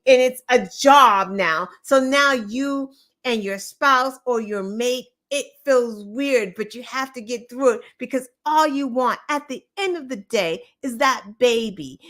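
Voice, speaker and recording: A woman's voice: on the high side, a bit bright. A woman hosting a show, giving opinionated political commentary in an impassioned, profane way, firing off rhetorical questions. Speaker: show host.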